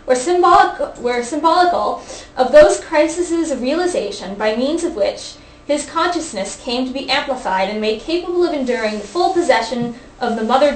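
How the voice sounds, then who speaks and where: A young woman hosting a casual study group, playful as she reads aloud from a book and stumbles over words. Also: high voice. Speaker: host. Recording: echoey room, faint background hiss.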